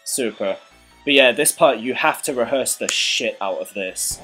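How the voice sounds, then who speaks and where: A man's voice: mid-range voice, a little slow, pushed and bright, breathy edge, faint music behind, poor audio. A young man commentating a game he plays, frustrated, swearing and laughing at himself. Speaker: let's play host.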